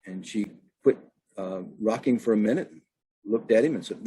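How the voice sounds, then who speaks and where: A man, a state naturalist, giving a storytelling talk at an unhurried pace with many fillers. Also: fairly low pitch, dark tone, breathy edge, rough recording.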